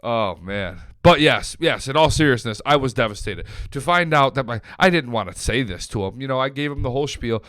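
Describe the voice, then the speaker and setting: A man's voice: mid-range voice, expressive, a little fast, few pauses, fairly bright tone, dry recording, clean studio sound. A man in his late twenties hosting a sports podcast, telling a loose, funny story with plenty of swearing. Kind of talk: casual sports chat.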